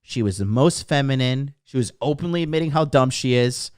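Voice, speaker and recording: A man's voice: mid-range voice, lively intonation, a little fast, darkish tone, clean tone, no room sound, studio quality. A young man hosting a casual livestream as a dating coach, brash and profane as he lectures and reads comments.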